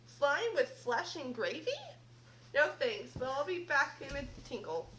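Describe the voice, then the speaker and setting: Girl voicing a half-deaf fairy, storybook read-aloud, loud, puzzled, high bright voice. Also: expressive, measured pace, a little hiss or hum, heavily acted. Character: half-deaf female fairy who mishears everything.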